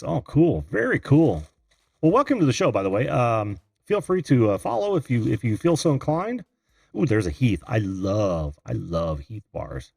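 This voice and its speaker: A man hosting a live call-in stream, his gravelly voice swinging up and down as he chats and greets viewers by name. He laughs often and keeps it loose. The sound is dry and close, with no room echo. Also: medium pitch, big pitch swings, moderate pace, a little mellow. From Indiana. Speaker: host of a live video call-in show. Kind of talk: casual live-stream chat.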